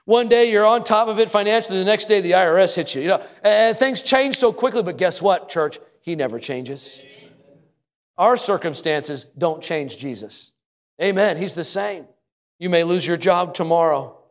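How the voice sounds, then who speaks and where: A man with a high voice preaches a sermon from the pulpit, his repeated refrains climbing in intensity as he calls out to the congregation. His voice rings through a church with a long, lingering reverb. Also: normal speed. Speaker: pastor. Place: church sanctuary.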